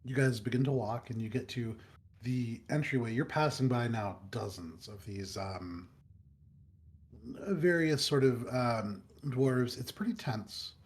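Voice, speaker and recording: A man's voice: medium pitch, measured pace. A man narrating a tabletop game as dungeon master, describing the scene with frequent ums and uhs. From United States.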